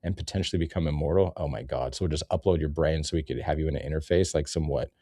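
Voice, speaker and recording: A man's voice: rumbling low, fast, warm tone, no echo, studio quality. A man ranting in a sarcastic, rambling comedy commentary, cursing often.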